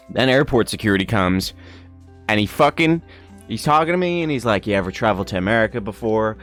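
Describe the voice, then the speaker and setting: A young man from Ireland tells a story on a livestream in a casual, animated way, swearing, laughing and acting out the people in it. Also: on the low side, brisk, soft background music. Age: young adult. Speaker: streamer.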